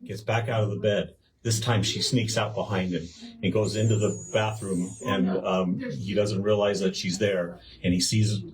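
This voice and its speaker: A man's voice: fairly low pitch, fairly even intonation, normal speed, over music. Nervous man telling a rehearsed joke.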